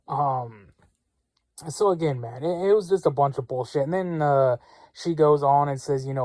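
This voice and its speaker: A man's voice: a little high, unhurried, a little mellow, no echo. Blunt, rambling political talk-show man. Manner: rambling, many fillers and restarts, blunt. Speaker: political commentary host. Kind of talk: casual opinion monologue.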